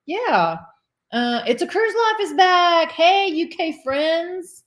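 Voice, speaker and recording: A middle-aged woman co-hosts a cruise vlog live stream, chatting casually, laughing a lot, and reading viewer comments aloud. Her voice is extremely high-pitched with lively intonation, and she speaks slowly.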